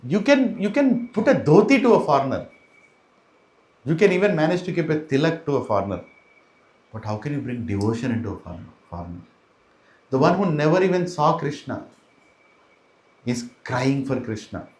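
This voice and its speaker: An animated Indian storyteller, a man with Telugu roots, teaching children with lots of chatty asides. His voice sits a little high for a man. It echoes in a roomy hall. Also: normal speed, pauses often. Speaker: teacher of a kids' class. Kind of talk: storytelling lesson. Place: community hall.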